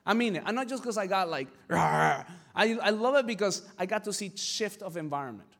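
A man preaching a sermon, telling a story with acted voices and building to emphatic shouts. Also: high voice, lively intonation, fast talker. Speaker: pastor.

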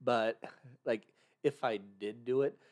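A man's voice: medium pitch, steady tone, unhurried, darkish tone. A man co-hosting a casual podcast, laughing often and poking fun at himself. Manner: self-mocking, laughs often. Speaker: podcast co-host.

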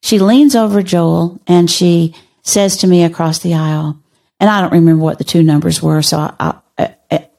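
An older woman speaks as a podcast guest. Her voice is low and warm, with a gravelly fry, and she tells stories in a measured, dry-humored way. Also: fairly even intonation. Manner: measured and wry. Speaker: podcast guest, teacher and author. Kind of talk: conversational storytelling.

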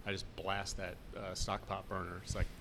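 A man's voice: low-pitched, little pitch movement, moderate pace, a crowd in the background. A man co-hosting a podcast, laid-back in casual chat, talking while eating. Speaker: podcast co-host and cook.

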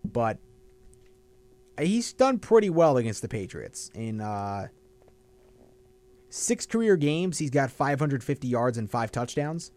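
A man in casual sports chat works through his game picks and backs each one with statistics. His delivery is measured and analytical, with a medium-pitched voice. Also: big pitch swings, a little mellow. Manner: analytical, stat-heavy, measured. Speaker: sports podcast co-host.

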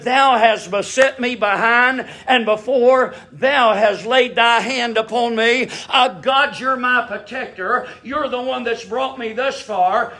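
A male preacher with a very high voice delivers an impassioned sermon at an unhurried pace. He swings between hushed passages and shouted declarations, often stumbling over repeated words as he builds. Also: echoey room.

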